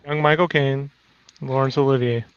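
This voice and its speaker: A man's voice: medium pitch, steady tone, normal speed, smooth, dry recording. A man in a casual chat, laid-back and teasing, recorded with a dull, dry lo-fi sound.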